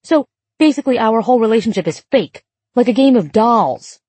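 A woman reading a story and voicing an upset, combative adult daughter who shouts and accuses. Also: lively intonation, fairly quick, slightly rough, no room sound. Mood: accusing. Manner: shouting, accusing, pitch rising.

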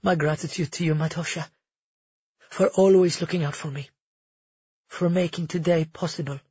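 A man voicing a tense young queen, husky. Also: fairly high pitch, steady tone, moderate pace, a little mellow, no room sound, lo-fi sound, pitched above the performer's own voice. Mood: anxious. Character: young woman ruler, frightened yet defiant.

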